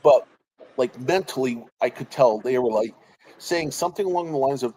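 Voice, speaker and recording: A man's voice: mid-range voice, normal speed, dark tone, a little hiss or hum, poor audio. A man in his forties, a guest speaking over a remote call, talking earnestly and openly emotional, with many restarts and trailing phrases. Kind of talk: personal interview over a call. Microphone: remote call connection.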